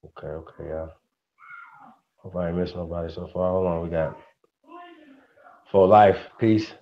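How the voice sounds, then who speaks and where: A man's voice: low voice, fairly even intonation, unhurried. A man hosting a casual livestream, greeting viewers by name in a slangy, upbeat way. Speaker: livestream host. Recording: dull lo-fi stream audio with faint noise.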